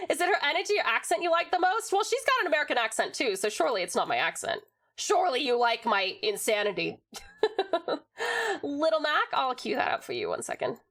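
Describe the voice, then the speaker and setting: A woman's voice: high-pitched, very animated, fairly bright tone. A young woman from Tasmania, Australia, chatting casually on a livestream, bubbly and giggly as she greets viewers and reads messages from chat. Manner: bubbly, giggly, fast-switching, swears casually. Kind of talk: casual live-stream chat, reading chat messages.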